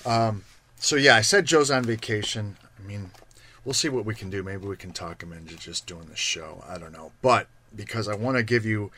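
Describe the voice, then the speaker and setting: A man's voice: fairly low pitch, normal speed, bright, forceful tone. A man co-hosting a live sports card show, thanking sponsors and plugging upcoming boxes in a casual, upbeat way. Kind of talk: casual live-stream chat.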